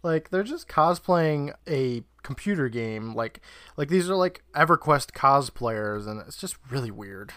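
A man's voice: mid-range voice, animated, measured pace, fairly bright tone, no echo. A man co-hosting a podcast, recapping a TV episode beat by beat and laughing along. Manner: narrates plot beats, laughs often. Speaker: podcast co-host.

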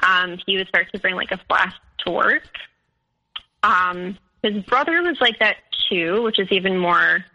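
Woman with a bright, creaky voice. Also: medium pitch, unhurried, highs cut off. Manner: hesitant, full of "um" and "like". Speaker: podcast guest. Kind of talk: recounting a personal story.

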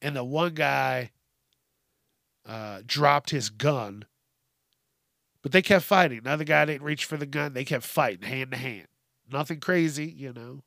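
A man's voice: mid-range voice, measured pace, gravelly, pauses often, fairly bright tone, no room sound, studio quality. A man hosting a podcast, ranting with heated, sweary sarcasm. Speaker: podcast host. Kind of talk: profane comedic rant.

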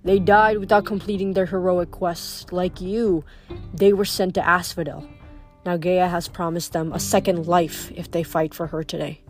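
A woman reading aloud, voicing a calm, solemn male god of death in a storybook. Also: on the low side, normal speed, faint music behind, natural voice. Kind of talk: audiobook reading.

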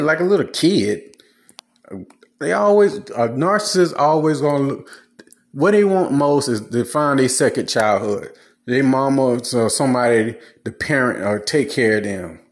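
A man giving blunt, preachy relationship advice in a casual, slangy monologue. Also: medium pitch.

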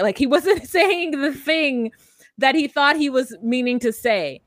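A woman with a fairly high voice talks casually on a podcast, rambling and animated. She piles up fillers and acts out little quotes. The sound is dry and close, with no room around it. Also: measured pace, dry recording. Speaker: podcast co-host. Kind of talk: casual chat recapping a reality show.

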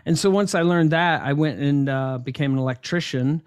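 Guy on an interview, kinda high voice, chatty storyteller, lots of ums. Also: moderate pace, clear, resonant tone. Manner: animated storyteller, many ums and restarts. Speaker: interview guest, entrepreneur.

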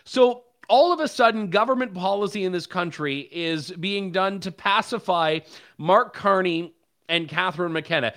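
A man giving sarcastic, animated political commentary. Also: sits high, normal speed. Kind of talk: opinion commentary.

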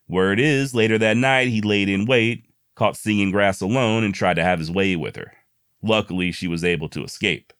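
A man's voice: on the low side, a bit bright, dry recording, clean studio sound. A man narrating frontier history in a casual, folksy way with wry asides. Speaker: history storyteller.

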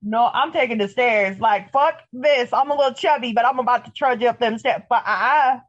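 Female co-host, higher voice, lively and cussing as she recaps, dull lo-fi audio. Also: moderate pace. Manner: animated, profane, storytelling. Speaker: podcast co-host. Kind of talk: casual TV episode recap chat.

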